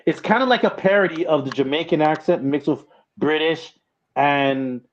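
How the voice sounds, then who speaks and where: Easygoing co-host with a slightly high voice, muffled mic. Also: male voice, moderate pace. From Toronto, Canada. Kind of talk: casual chat.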